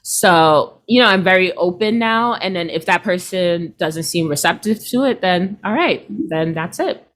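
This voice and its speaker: 30s woman guest on an interview, kinda low voice, chatty, does little voices for people she quotes. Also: measured pace, few pauses. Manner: chatty, animated, quotes people in put-on voices, laughs often. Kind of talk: casual interview chat.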